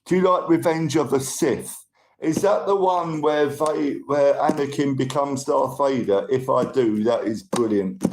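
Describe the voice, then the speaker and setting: Greeting viewers and thanking them, this middle-aged man rambles through his live stream chat a little slowly, in a medium-pitched voice with a darkish tone. The room sounds roomy, with faint noise.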